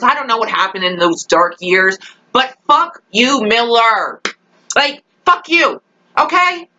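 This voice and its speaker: Young woman, vlog rant, exasperated, swearing, rambling, bright tense voice. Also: mid-range voice, muffled recording. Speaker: vlogger reacting to a TV episode. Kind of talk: ranting casual monologue.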